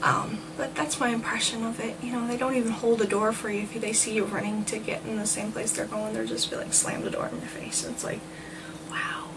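A talkative woman from New Jersey tells a rambling story for her vlog, acting out what others said. Her voice sits a bit high. She is heard from a distance from the mic, and a clear hiss of background noise runs under her. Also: steady tone, brisk. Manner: chatty, rambling, quotes people in voices. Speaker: vlogger.

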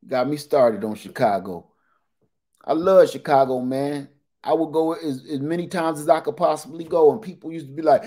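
Animated joking male livestream host. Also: a little high, normal speed. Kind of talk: casual livestream storytelling.

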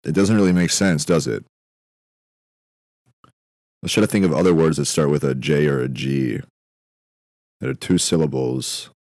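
A young man hosting a podcast, rambling through a comedic monologue in a meandering, deadpan way, often stopping himself mid-thought. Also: rumbling low, normal speed, pauses often, no echo, clean studio sound. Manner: meandering, self-interrupting, deadpan musing with frequent fillers. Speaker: podcast host.

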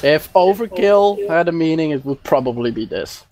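A man's voice: on the high side, expressive, normal speed, darkish tone. A man narrating a tabletop game as game master over online voice chat, casual and rambling with fillers.

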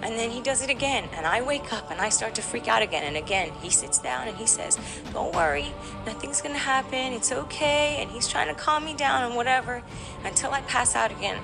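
A woman guest in a candid podcast interview, telling a painful personal story with animated emotion. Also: fairly high pitch, fast, vocal fry, music in the background.

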